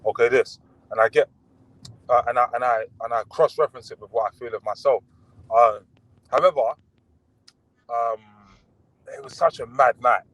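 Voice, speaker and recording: A man chatting as a boxer guest on a podcast, relaxed and full of fillers and restarts. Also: medium pitch, moderate pace, long pauses, no echo, rough recording. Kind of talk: casual podcast interview.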